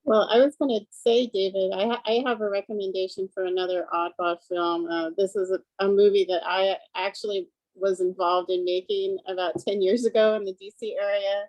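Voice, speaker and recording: Female host for a casual film chat, dry close sound, easy laughs, gentle questions. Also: medium pitch, fairly even intonation, fairly quick, no room sound, poor audio. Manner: warm listener, laughs often, gentle questions.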